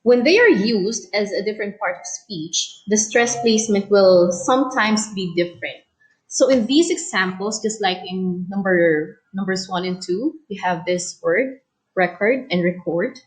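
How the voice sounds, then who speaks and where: A woman teacher talks through an English lesson in a clear, explanatory way. Her voice sits at a middle pitch. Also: a little slow, poor audio. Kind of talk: recorded online lesson.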